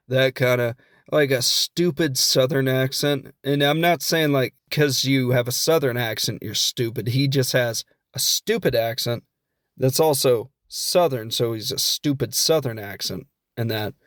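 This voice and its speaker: A man with a Midwestern American accent recaps a film on his podcast in a loose, rambling, joking way, often poking fun at himself. His voice sits at a middling pitch for a man. The sound is dry and close, with no room around it. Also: a little slow, fairly bright tone, dry recording. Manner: rambling, jokey, self-deprecating. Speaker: podcast host. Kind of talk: casual comedic film recap.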